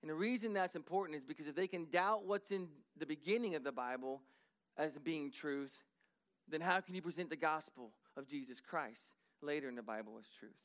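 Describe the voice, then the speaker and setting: A middle-aged man preaches a sermon in a high, smooth, resonant voice. He talks animatedly and climbs to emphatic peaks as he drives each point home. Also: a little fast, a bit bright. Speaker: pastor.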